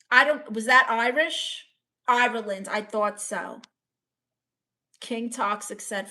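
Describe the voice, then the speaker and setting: A woman's voice: fairly high pitch, slow pace, sharp tone. A woman with a Brooklyn accent hosting a casual comedic livestream, reading chat aloud, laughing often and joking around. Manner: playful, laughs often, trying silly accents.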